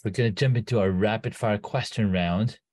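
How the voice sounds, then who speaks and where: A man's voice: fairly low pitch, normal speed, darkish tone, no echo. Upbeat man hosting a podcast. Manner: upbeat, friendly, encouraging. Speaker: podcast host.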